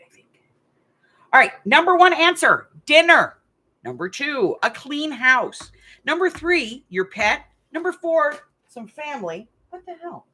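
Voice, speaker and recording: A woman's voice: medium pitch, sharp tone. A middle-aged woman, hosting a casual live stream game and telling rambling stories with frequent laughs. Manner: chatty, rambling, laughs often. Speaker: host of a craft channel live game. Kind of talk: casual chat and storytelling. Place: hot room at home.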